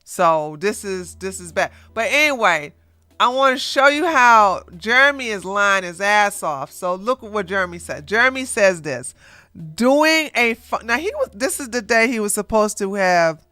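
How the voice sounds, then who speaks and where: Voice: medium pitch, bright, forceful tone, smooth, no echo. A YouTube drama commentator giving blunt, repetitive ranting reaction commentary into a close mic.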